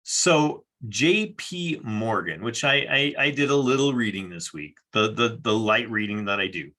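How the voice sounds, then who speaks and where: A man's voice: lowish voice, animated, a little slow, pushed and bright. A man co-hosting a casual talk show, easygoing and rambling. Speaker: co-host. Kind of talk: casual chat.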